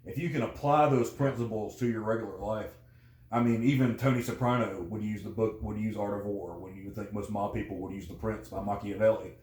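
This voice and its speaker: A man's voice: fairly low pitch, steady tone, fairly quick, darkish tone. Rambling man in an echoey room. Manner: rambling, many fillers and restarts. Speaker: guest. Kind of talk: casual conversation. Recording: roomy echo.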